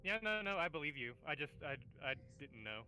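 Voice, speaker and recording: A man's voice: a little high, sing-song, fairly quick, bright, forceful tone, soft background music, rough recording. A man playing in a tabletop game session, asking questions about the rules. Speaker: player.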